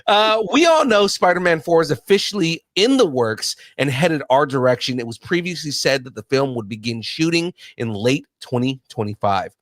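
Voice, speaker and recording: A man's voice: on the high side, expressive, normal speed, hardly any pauses, fairly bright tone, no room sound, studio quality. A man hosting a casual pop culture podcast, chatting and reading news items aloud with jokes. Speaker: podcast host. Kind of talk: casual chat.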